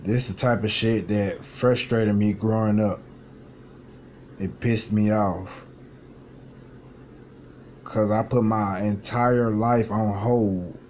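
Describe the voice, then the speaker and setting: With a fairly low, darkish voice, this twenty-something vlogger speaks slowly and steadily, pausing often. He vents bluntly about his life story, full of swearing and frustration, while slight background noise sits underneath.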